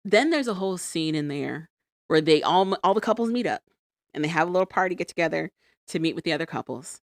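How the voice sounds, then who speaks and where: A woman with a somewhat low voice recaps a reality show in a casual podcast chat, acting out what the people on screen said. She is on a close mic in a dry room. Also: fast talker, no echo. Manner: animated storytelling, acts out quotes. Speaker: podcast co-host.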